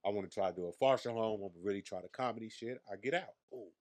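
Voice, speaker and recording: His voice on the low side and racing, a thirty-something comic from Las Vegas, USA, brags his way through brash, foul-mouthed anecdotes in a laid-back interview.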